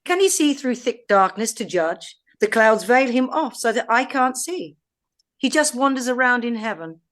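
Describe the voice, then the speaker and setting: English woman reading scripture, measured. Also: on the high side, animated, a bit bright. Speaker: podcast co-host.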